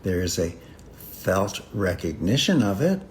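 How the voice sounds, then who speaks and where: A man teaching about healing in a reflective spiritual talk, speaking in slow, repetitive, contemplative phrases with long pauses. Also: low-pitched, sing-song, a little hiss or hum.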